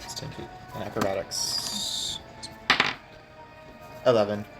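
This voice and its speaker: A player in a tabletop game, working through the rules and the dice out loud. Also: medium pitch, slow pace, creaky, loud music behind the voice. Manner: methodical, checks the rules aloud.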